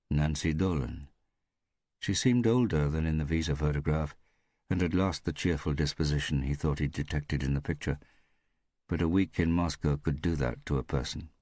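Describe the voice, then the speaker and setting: Very deep-voiced male audiobook narrator. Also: a little mellow, no echo, studio quality. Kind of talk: scripted narration.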